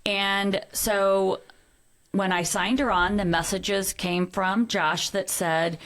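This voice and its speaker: A woman's voice: mid-range voice, fairly even intonation, slow, a bit bright. A middle-aged woman, a podcast guest, telling a personal story in earnest conversation and acting out the quoted dialogue.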